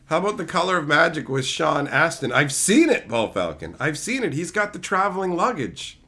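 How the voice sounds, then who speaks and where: High-voiced man ranting profanely on stream. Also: big pitch swings, normal speed, bright, forceful tone. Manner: answers viewer chat. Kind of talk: casual livestream chat.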